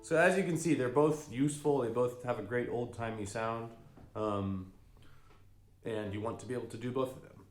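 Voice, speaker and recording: A man teaching fiddle bowing in a relaxed, unhurried way, often pausing with ums and singing out rhythms. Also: mid-range voice, faint music behind. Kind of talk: relaxed spoken music lesson. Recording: echoey room with fiddle playing.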